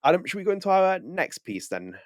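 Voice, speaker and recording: A man's voice: high voice, very animated, brisk, dry recording, studio quality. A British man co-hosting a casual podcast, chatty and rambling, with a self-deprecating manner. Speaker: podcast co-host.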